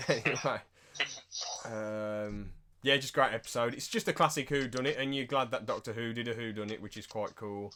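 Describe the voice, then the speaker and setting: A man's voice: mid-range voice, normal speed, pushed and bright. A man chatting casually and enthusiastically while reviewing a TV series with a friend. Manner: chatty, enthusiastic, acts out quotes in exaggerated voices. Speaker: podcast co-host reviewing a TV series. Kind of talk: casual chat.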